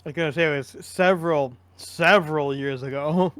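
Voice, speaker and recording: Podcast co-host, man, opinionated and rambling, slightly higher voice, dry recording. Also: normal speed, a bit bright, dry recording. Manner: rambling, restarts often, opinionated. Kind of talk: casual sports chat.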